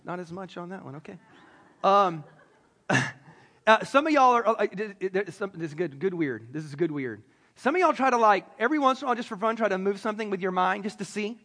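A man's voice: sits high, a bit bright, big-room sound. A man preaching a sermon, joking with the congregation and talking straight to them. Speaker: pastor. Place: church sanctuary.

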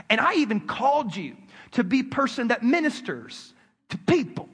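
Man, pastor, sermon, high-pitched, animated, loud then hushed, echoing hall. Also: normal speed, slightly rough.

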